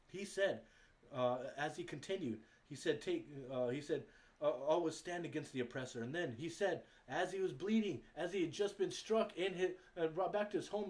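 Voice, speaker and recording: Male preacher, fairly high voice, fervent sermon delivery with repeated lines and stumbles. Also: a little mellow. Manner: impassioned, emphatic, repeats phrases, some stammering. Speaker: speaker at a religious gathering.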